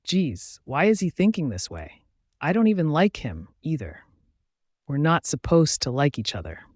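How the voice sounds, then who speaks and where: A man reading a romance novel aloud in a steady, even first-person narration. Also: fairly high pitch, moderate pace, no echo, studio quality. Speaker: audiobook narrator.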